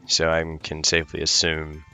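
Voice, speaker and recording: A man's voice: a bass voice, completely flat delivery, moderate pace, bright, forceful tone, faint music behind. A young man playing in a tabletop game over voice chat, joking and swearing casually. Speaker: player.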